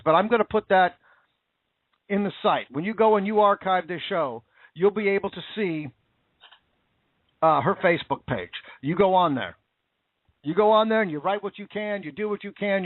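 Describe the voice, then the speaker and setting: A man with a high voice delivers indignant, impassioned talk-show commentary, repeating himself for emphasis. The sound is dry and close, squeezed through a narrow, phone-like band. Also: dry recording. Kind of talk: casual political commentary. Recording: tinny phone-like line.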